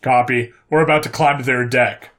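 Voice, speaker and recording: A man's voice: medium pitch, fairly even intonation, normal speed, fairly bright tone, natural voice. A man voicing a terse male squad leader giving clipped orders. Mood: commanding. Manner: clipped, commanding.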